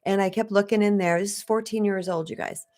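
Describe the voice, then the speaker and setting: A woman's voice: mid-range voice, steady tone, a little fast, a little mellow. A woman spiritual coach from Arizona telling a personal story on a live stream, chatty and conversational, talking straight to her viewers.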